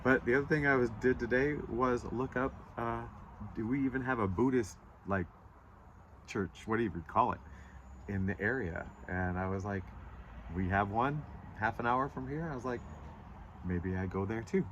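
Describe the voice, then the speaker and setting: An earnest man rambling through a spiritual tarot reading out in nature, restarting his sentences and pausing to find words. He sounds choked up, with a stuffy nose from holding back tears. A faint hum of outdoor sound and passing traffic stays behind him. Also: mid-range voice, fairly bright tone, muffled recording. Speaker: tarot reader. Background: birds and passing vehicles.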